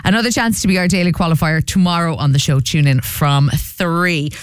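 A woman's voice: lowish voice, fairly quick, clear, resonant tone, no room sound, studio quality. A woman with an Irish accent presenting a radio show, chatting and teasing a caller in an upbeat way. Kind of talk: radio call-in chat. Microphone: studio microphone.

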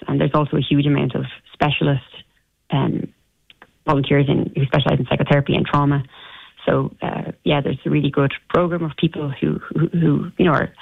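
Gravelly Irish woman on a phone line. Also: low voice, dry recording. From Ireland. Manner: halting, with many restarts. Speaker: interview guest. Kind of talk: recounting an ordeal in an interview.

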